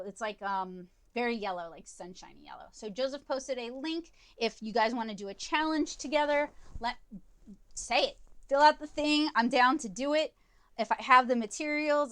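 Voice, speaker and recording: A woman's voice: on the high side, fairly bright tone. A woman hosting an art livestream, chatting casually and rambling a little, with self-deprecating asides. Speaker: livestream host and artist.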